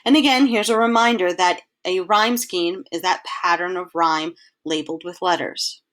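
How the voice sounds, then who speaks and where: A woman teacher giving a recorded slideshow lesson, explaining each point patiently and reading verse aloud slowly. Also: on the low side, fairly even intonation, fairly bright tone. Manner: clear, patient explaining, reads poem lines aloud in a slow measured way.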